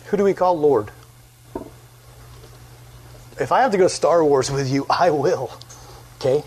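Animated man preaching a casual sermon. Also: a little high, a little slow. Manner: animated, conversational, quizzes the audience.

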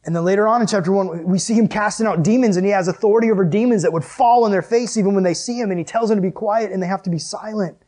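A young man giving a casual, animated sermon as a youth pastor, with a chatty manner and lots of "like". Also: sits high, very fast, few pauses. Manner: animated, chatty, heavy use of "like".

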